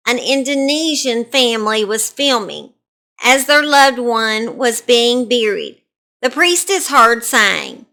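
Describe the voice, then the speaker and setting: A woman's voice: fairly high pitch, pushed and bright. A woman with a Southern US accent, hosting and telling true-crime stories in a folksy, chatty way. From Southern United States. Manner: folksy and chatty, says y'all. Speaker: host. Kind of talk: casual true-crime storytelling.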